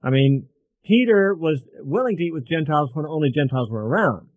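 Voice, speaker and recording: A middle-aged man gives a verse-by-verse Bible lesson in an easy, thinking-aloud manner, with frequent asides. His voice sits a little high for a man. The sound is close and dry, with no room echo. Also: animated, a little fast. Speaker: Bible teacher.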